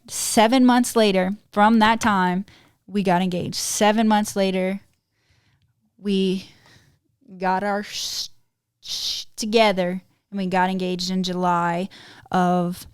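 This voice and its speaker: A woman in her twenties hosting a podcast, telling a personal story in a lively, animated way and laughing often. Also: mid-range voice, slow pace, clear, resonant tone, dry recording, clean studio sound. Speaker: podcast host. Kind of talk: casual storytelling chat.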